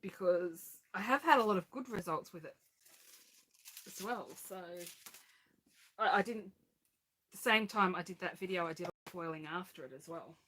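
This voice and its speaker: A woman's voice: lowish voice, normal speed, pauses often, fairly bright tone. A woman hosting a live crafting stream, chatting casually as she narrates each step and laughs at her own mishaps. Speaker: crafting channel host.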